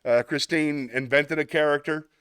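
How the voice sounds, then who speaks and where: A man's voice: a little high, steady tone, normal speed, fairly bright tone, smooth, no room sound, clean studio sound. A man hosting a live online show, chatting casually as he reads viewer comments, rambling and laughing often. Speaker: host. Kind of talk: casual live-stream chat reading comments.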